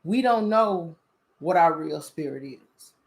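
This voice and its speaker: Woman, lower pitch, blunt, profane, preachy, casual spiritual talk. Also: animated, slow. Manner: blunt, profane, preachy, keeps asking "you understand?". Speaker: spiritual talk show host.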